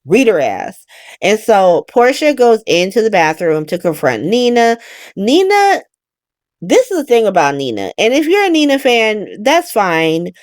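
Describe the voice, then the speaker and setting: A woman's voice: medium pitch, big pitch swings, a little slow, no echo, studio quality. A woman casually recapping a soap opera as host, blunt and profane, acting out the characters' lines.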